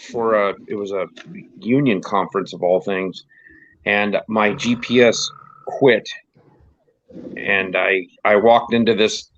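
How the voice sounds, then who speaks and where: A man's voice: fairly low pitch, dry recording. A man from the United States telling casual road-trip stories in a rambling way, laughing as he goes. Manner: rambling storyteller, laughs often. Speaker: podcast host. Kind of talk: casual chat. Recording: dull lo-fi dry recording.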